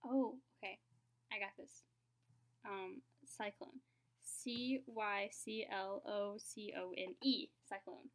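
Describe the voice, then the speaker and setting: A woman from Texas in a casual podcast chat, playful and unsure, spelling words out slowly. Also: mid-range voice, fairly even intonation, a bit bright. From Texas, USA. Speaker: podcast co-host spelling in the bee.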